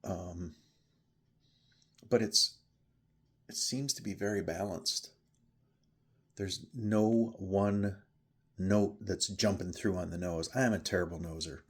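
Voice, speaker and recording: A man's voice: deep voice, fairly even intonation, slow, pauses often, breathy edge. A man chatting casually as he tastes and reviews a bourbon, thinking aloud between sips. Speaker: whiskey reviewer. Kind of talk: casual tasting chat.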